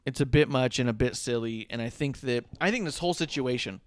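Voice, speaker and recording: A man's voice: medium pitch, quick pace, no echo. A man co-hosting a casual wrestling talk show, ranting with sarcasm and swearing freely. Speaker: podcast co-host.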